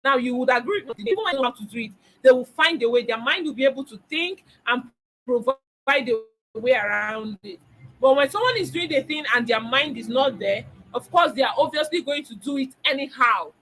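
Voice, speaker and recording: A woman's voice: high voice, lively intonation, fairly quick, fairly bright tone, slight background noise, rough recording. A middle-aged woman teaching a parenting webinar, emphatic, repeating key phrases and asking rhetorical questions. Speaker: parenting coach.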